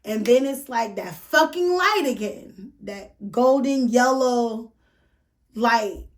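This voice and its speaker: A woman's voice: on the high side, expressive, slow pace, distant mic. A woman hosting a podcast, telling a personal story in a candid, profane way full of filler words. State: emotional, near tears at moments. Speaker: podcast host. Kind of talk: casual storytelling.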